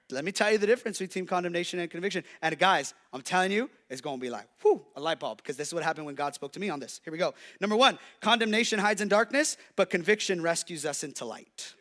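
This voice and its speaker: A man pastor preaching a sermon with lots of energy, acting out the voices of God and the devil. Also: sits high. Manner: preaching to a congregation, playing the devil's and God's voices; energetic, with quick restarts and repeated calls.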